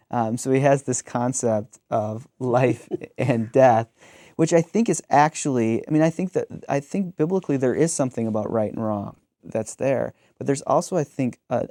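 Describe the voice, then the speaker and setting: A man's voice: medium pitch, warm tone, no echo, studio quality. A man in his thirties, a pastor, talking reflectively in a conversational discussion and telling stories with frequent ums.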